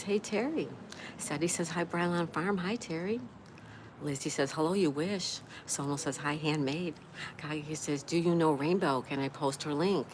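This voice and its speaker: A woman hosting a casual live stream, reading viewer comments aloud, greeting each person by name and answering with gushing exclamations. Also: low voice. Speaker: livestream host. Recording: noisy background ambience.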